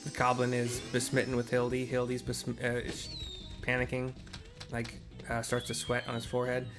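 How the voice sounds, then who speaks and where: A man casually narrating game cutscenes out loud as he plays, chatty, with fillers and self-corrections. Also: medium pitch, monotone, moderate pace, music in the background. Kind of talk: casual live audio description of game cutscenes.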